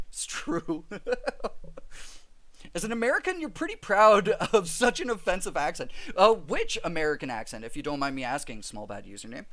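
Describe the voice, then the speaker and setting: A man's voice: fairly high pitch, big pitch swings, moderate pace, a bit bright. A man live-streaming a game, chatting with his viewers, reading their comments aloud and often laughing.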